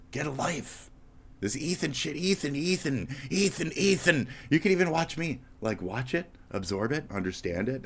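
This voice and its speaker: A man streaming live commentary as a heated, profane, mocking rant. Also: medium pitch. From United States.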